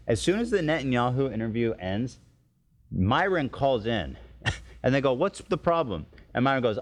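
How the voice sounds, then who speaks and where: Male co-host, retells a story, laughs often, lively pitch. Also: moderate pace, pauses often. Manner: laughing storyteller, acting out quotes. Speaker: podcast co-host. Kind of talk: casual podcast chat.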